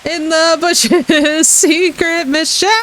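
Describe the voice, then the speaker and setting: A woman's voice: extremely high pitch, steady tone, slow, fairly bright tone, a little hiss or hum, rough recording. A woman streaming a game live, reacting with laughter and swearing and chatting with her viewers. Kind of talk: live gameplay commentary.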